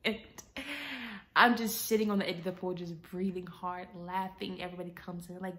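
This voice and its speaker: A young woman telling a story to her viewers, talking to them casually and dramatically, and often dropping to a hushed whisper. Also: medium pitch, brisk. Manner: chatty, addresses viewers as y'all.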